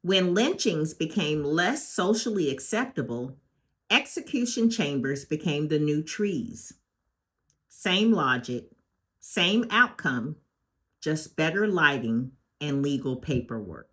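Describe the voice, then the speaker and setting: Slow, lively-pitched woman. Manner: emphatic, deliberate, short punchy declarations. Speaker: host. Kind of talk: scripted spoken commentary.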